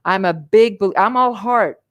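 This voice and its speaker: A woman's voice: mid-range voice, measured pace. A middle-aged woman on a live stream, giving a passionate motivational talk as a coach, emphatic and full of repeats. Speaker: life coach and livestream host.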